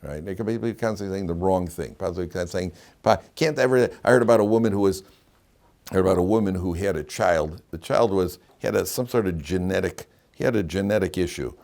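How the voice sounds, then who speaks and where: A man's voice: low-pitched, fairly quick, darkish tone. A man, a rabbi teaching a Torah class, who tells jokes and anecdotes and often repeats his phrases. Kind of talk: classroom lecture.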